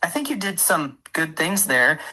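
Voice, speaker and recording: A synthetic female AI assistant voice giving measured, evaluative feedback. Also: lowish voice, big pitch swings, bright, forceful tone. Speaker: AI feedback giver.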